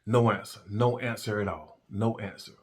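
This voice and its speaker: A man's voice: lowish voice, moderate pace. Middle-aged man telling a cop story. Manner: colloquial, animated retelling. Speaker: former police officer telling a story. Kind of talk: casual storytelling.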